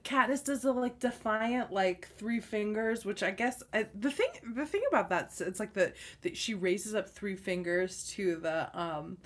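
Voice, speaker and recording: A woman co-hosting a casual movie podcast, laughing often and throwing in quick asides. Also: medium pitch. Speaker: podcast co-host.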